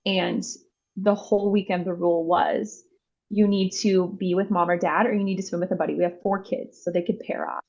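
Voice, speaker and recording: A woman in her thirties tells a parenting story in an earnest, searching way, pausing on ums and restarting her sentences. Her voice carries a gravelly fry. The recording is slightly muffled and lo-fi. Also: medium pitch. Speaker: guest mother. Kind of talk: casual podcast storytelling.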